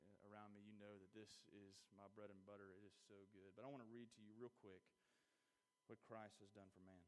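A man preaching a sermon in a church, earnest and personal, building to emphatic peaks as he tells a story from his own life. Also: lowish voice. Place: church sanctuary. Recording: long reverb in a large hall.

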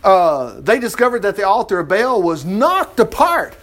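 A middle-aged man preaching, reading a Bible story aloud and breaking off with chuckling, animated commentary. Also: sits high, moderate pace. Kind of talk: Bible reading with lively asides.

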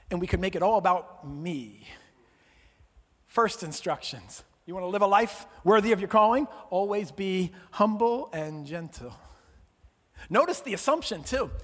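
A man preaching a sermon as pastor, animated, swinging from loud emphasis to soft, low words. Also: slightly rough. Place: church auditorium. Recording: long reverb of a large hall.

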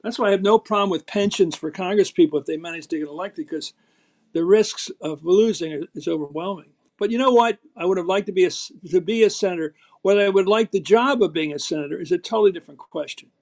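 An older man with a Philadelphia accent, telling stories emphatically as an interview guest. His voice sits fairly high, and he slips into the voices of the people he quotes. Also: fast talker, darkish tone. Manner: emphatic, storytelling, acts out quotes. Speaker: guest, former TV political host. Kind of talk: animated interview talk.

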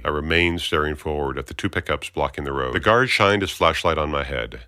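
A man's voice: extremely low pitch, animated, fast, few pauses, pushed and bright, dry recording, studio quality. A man narrating a first-person heist story, breaking into wry, self-mocking asides to himself.

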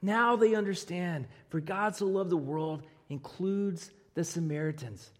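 A high-pitched man delivers a lively sermon, swinging between loud emphasis and quiet asides, with a joke dropped in now and then. His voice rings through a church hall with a long, trailing reverb. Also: unhurried. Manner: animated preaching with joking asides. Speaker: pastor.

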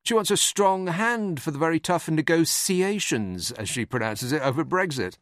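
A man's voice: a little high, expressive, moderate pace, a bit bright, no echo. A man hosting a podcast, delivering a dry, sardonic scripted comic monologue. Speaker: podcast host.

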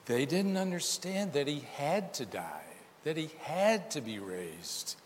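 A man's voice: a little high, big pitch swings, takes it slowly, big-room sound, a little hiss or hum. A man preaching a sermon as pastor, emphatic and full of rhetorical questions.

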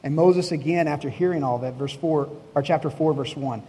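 Before a congregation in a church hall, a pastor preaches conversationally, asking his listeners questions and acting out dialogue from the story by voicing God and Moses in quotes. His fairly high male voice is warm with a breathy edge and moves fairly quickly, echoing through a large hall.

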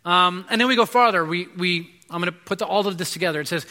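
A man's voice: high-pitched, fast talker, pushed and bright. A man in his thirties preaching a sermon to a congregation, conversational, with frequent restarts and fillers. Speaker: pastor. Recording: long reverb of a large hall.

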